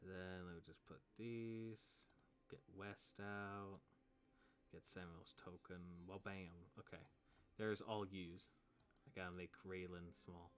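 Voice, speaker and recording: A man running a tabletop game as game master, casual and rambling, with quick sound-effect interjections. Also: low voice, steady tone.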